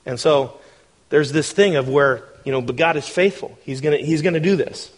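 With a slightly high voice at a moderate pace, a male pastor delivers an animated, conversational sermon. He frequently asks the congregation questions.

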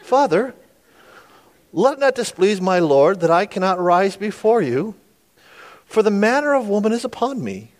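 A man's voice: high voice, sing-song, moderate pace, long pauses, big-room sound, pitched above the performer's own voice. A man voicing a crafty young woman with a put-on British accent, prim and mock-genteel. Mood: demure.

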